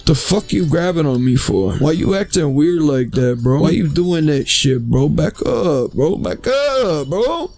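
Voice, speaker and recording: A man's voice: fairly high pitch, sing-song, unhurried, creaky, hardly any pauses, a little mellow, faint music behind. A man streaming a social game, talking in a rambling, joking way and calling everyone bro. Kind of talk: casual livestream chat in a social game.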